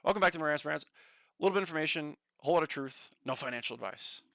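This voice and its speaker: A man's voice: on the high side, animated, very fast, gravelly, sharp tone, no room sound, studio quality, exaggerated voice. A man doing an impression of a male finance streamer reciting his punchy show intro. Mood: announcing. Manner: punchy catchphrase delivery.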